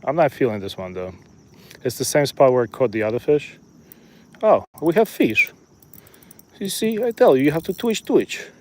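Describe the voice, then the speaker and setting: A man's voice: medium pitch, expressive, normal speed, pauses often, close to an everyday voice. A man putting on a boastful mock-Russian fisherman. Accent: put-on Russian. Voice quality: broken-English boasting. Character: cocky male fisherman with a mock Russian accent. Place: outdoors by a lake.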